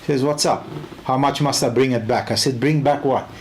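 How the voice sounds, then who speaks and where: A South African man giving a casual training talk, telling a story in an animated way and acting out both sides of the conversation. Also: medium pitch, fairly quick, slight background noise. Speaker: car sales trainer.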